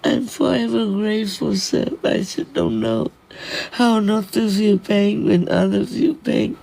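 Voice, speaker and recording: A man speaking as a disciple to his spiritual teacher, in an earnest, halting plea of short broken phrases. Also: sits high, animated, creaky, darkish tone, low-quality recording. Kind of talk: heartfelt personal plea.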